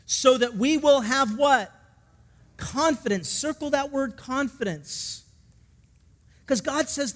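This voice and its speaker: A man's voice: very high voice, long reverb tail. A male pastor preaching a sermon emphatically, asking the congregation questions and telling a story.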